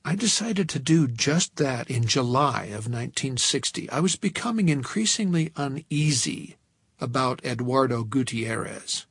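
Guy reading an audiobook, dry wry delivery, a bit breathy, mid pitch. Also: very animated, no echo. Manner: wry, measured storytelling. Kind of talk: audiobook narration.

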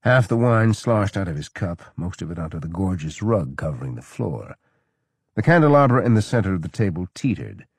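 A man narrates a historical novel in a measured, steady way. His voice is very low and husky but moves lively through its pitch, recorded dry and close. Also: no room sound. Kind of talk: audiobook narration.

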